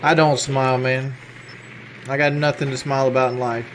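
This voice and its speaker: A man's voice: mid-range voice, little pitch movement, normal speed, slight background noise. A man on a live stream talking bitterly and profanely about streaming for money. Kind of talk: stream commentary.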